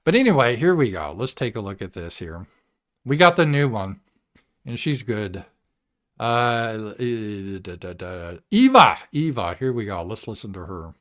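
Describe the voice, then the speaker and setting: A man hosting a live political commentary show, talking casually and animatedly, swearing and mimicking voices in a shrill tone. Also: big pitch swings, measured pace, a bit bright. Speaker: show host.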